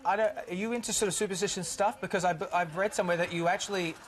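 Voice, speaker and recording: Woman host, lower voice, rapid chatty delivery. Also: steady tone, a little hiss or hum. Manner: chatty, quick questions. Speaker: radio co-host. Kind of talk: casual interview chat.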